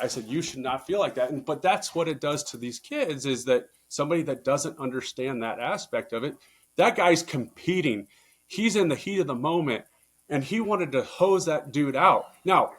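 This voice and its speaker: Baseball coach guy telling stories, casual, gets fired up and louder making a point, swears a bit. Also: fairly high pitch, animated, moderate pace. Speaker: baseball coach, podcast guest. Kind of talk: casual conversational storytelling.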